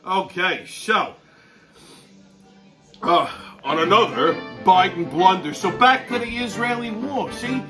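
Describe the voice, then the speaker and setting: A man's voice: high-pitched, pushed and bright. A man hosting his show, ranting bluntly in a heavily profane monologue and laughing through his own stories. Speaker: show host.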